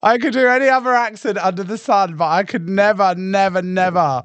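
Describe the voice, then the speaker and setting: A man with a high, excitable voice gushes and jokes his way through reality TV clips. His camp chatter is loose and full of swearing, and the mic sounds dry and close. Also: fairly quick, hardly any pauses, clean tone, no room sound. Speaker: streamer reacting to reality TV clips. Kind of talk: casual reaction commentary.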